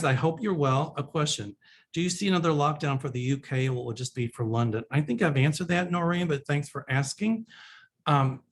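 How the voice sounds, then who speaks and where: A man working as a psychic in a casual solo video, reading out viewers' questions and answering them in a chatty, plain-spoken way with loose slangy phrasing. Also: mid-range voice. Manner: reads viewers' questions aloud, then answers in a reassuring predictive tone.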